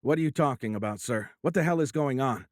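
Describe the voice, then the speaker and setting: A man's voice: medium pitch, animated, fairly quick, darkish tone, no room sound, studio quality, voice pushed up, natural voice. A man voicing an earnest lieutenant colonel, formal and respectful, confused by events. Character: earnest male Air Force lieutenant colonel.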